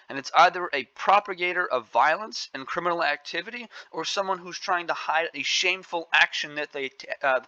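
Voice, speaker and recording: A man's voice: on the high side, bright, forceful tone, no echo, dull audio. A man hosting an angry opinion commentary, scolding and indignant, repeating his points. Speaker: commentary channel host.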